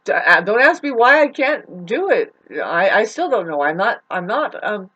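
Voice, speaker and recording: Woman, vlogger, unscripted venting, upset, near tears, profane, rambling, restarts a lot, mid pitch. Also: sing-song, moderate pace, sharp tone, husky, dull audio. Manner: rambling, profane, loops back and restarts often. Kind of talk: unscripted emotional vlog monologue.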